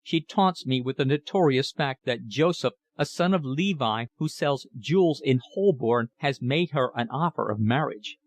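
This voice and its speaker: A man's voice: mid-range voice, animated, normal speed, hardly any pauses, dry recording. A man reading an audiobook voicing a theatrical, grandiloquent middle-aged father with pompous phrasing.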